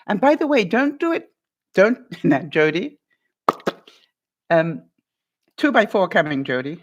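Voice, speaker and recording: A woman hosts an advice vlog, coaching a guest through a hard conversation in a mid-pitched voice. She is encouraging and playful, laughs often, and keeps checking in with "all right?" and "makes sense?". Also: lively intonation, measured pace, long pauses. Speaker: vlogger giving life advice.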